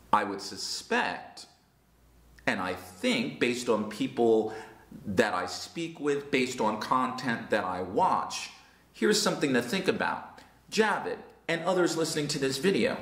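A man's voice: mid-range voice, fairly bright tone. A man teaching English, answering a viewer's question in an earnest, emphatic way with many rhetorical questions. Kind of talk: talking-head lesson answering a viewer question. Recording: roomy echo.

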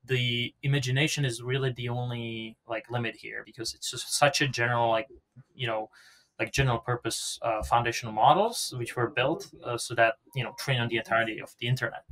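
A man being interviewed as a podcast guest, explaining software in a loose, rambling conversational way. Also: medium pitch, fairly even intonation, fairly quick. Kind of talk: casual technical interview talk.

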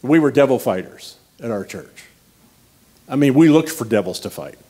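A man's voice: medium pitch, expressive, normal speed, warm tone. A man preaching a conversational sermon as a guest speaker, telling personal stories with a humorous, anecdotal manner. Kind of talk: storytelling sermon.

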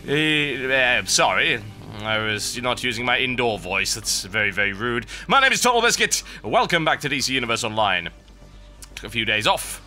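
A man giving sardonic, animated commentary over a video game he is playing. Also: mid-range voice, moderate pace, soft background music. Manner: sardonic, animated, wry complaints. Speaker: gameplay commentator. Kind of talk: let's-play commentary.

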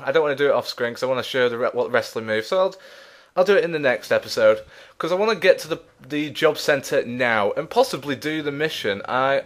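A let's play host with a medium-pitched, somewhat bright voice commentates his gameplay casually and chattily. He's out of breath, mocks himself and laughs often.

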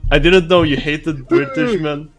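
A man's voice: a little high, fairly even intonation, measured pace, over music. A man, a game developer, chatting casually on a stream while explaining what he is testing, laughing often.

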